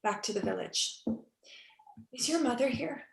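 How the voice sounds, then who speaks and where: A woman reading the part of a weary, heartsick young actress in a cold reading over a video call, wistful and shifting between hushed and urgent. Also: fairly high pitch, lively intonation, a little slow, a little hiss or hum. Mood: agitated. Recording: echoey room on a video call.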